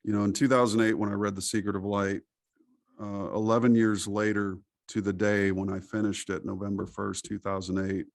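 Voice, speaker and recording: Gravelly low-voiced man preaching with gusto. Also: a little fast, no room sound, clean studio sound. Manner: animated, preachy storytelling with acted quotes. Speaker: interview guest. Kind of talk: casual podcast interview.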